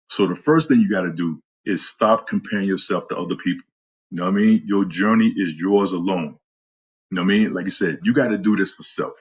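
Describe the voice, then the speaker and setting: Husky, low-voiced man talking fitness. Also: dull audio. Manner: loose, profane, repeats himself with many fillers. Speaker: fitness podcast host. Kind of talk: casual talk answering listeners.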